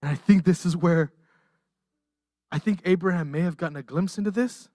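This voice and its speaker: A pastor delivering a livestreamed sermon, impassioned and emotional, rising to near-shouts and dropping to hushed softness. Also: mid-range voice, moderate pace, no room sound, studio quality. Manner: impassioned, swings from raised intensity to hushed softness. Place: church.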